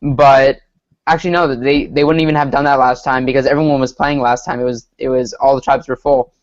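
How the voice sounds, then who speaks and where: A man's voice: mid-range voice, flat delivery, a little fast, dull audio. A man co-hosting a casual TV recap chat, earnest and a bit hesitant as he explains. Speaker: podcast co-host.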